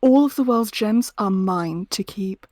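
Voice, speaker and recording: A woman putting on a slow, would-be sexy voice for a flirty female bat jewel thief from a video game. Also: medium pitch, darkish tone, no room sound, clean studio sound, close to an everyday voice. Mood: sultry. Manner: slow, breathy attempt at sounding sexy.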